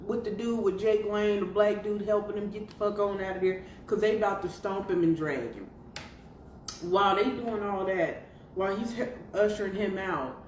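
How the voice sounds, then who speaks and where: A woman hosting her podcast solo, talking in a sassy, profane, animated way, with lots of asides to her listeners. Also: medium pitch. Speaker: podcast host. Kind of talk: casual commentary monologue. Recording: roomy, distant mic with faint noise.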